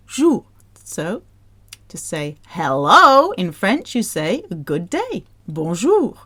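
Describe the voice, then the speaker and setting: A woman leads a French pronunciation lesson at an unhurried, drawn-out pace. She repeats each word again and again in an exaggerated sing-song way, keeping things playful. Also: lowish voice, a bit bright. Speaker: French language teacher.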